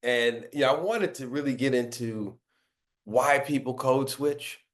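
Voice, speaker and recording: A man with a baritone voice, the guest author, answering interview questions earnestly and often asking "right?". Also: unhurried.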